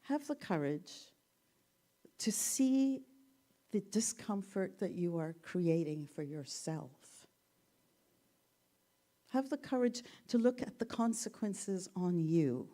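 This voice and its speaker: A woman minister giving a sermon, telling stories gently with playful asides. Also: medium pitch, animated, slow pace, long pauses. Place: church sanctuary.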